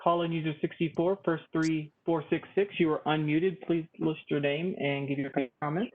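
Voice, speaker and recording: A man with a slightly high voice runs the public comment queue in a methodical, procedural way. His audio is thin and tinny, like a phone line. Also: steady tone, moderate pace. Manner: methodical, repeats caller numbers and names. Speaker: meeting moderator calling on public commenters. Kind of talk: procedural meeting announcements.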